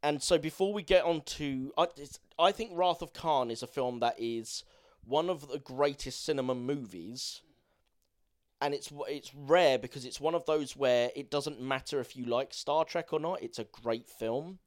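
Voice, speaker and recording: A man's voice: mid-range voice, normal speed. Chatty man rambling about a film. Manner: rambling, enthusiastic, swears casually. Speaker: podcast co-host. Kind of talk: casual film review chat.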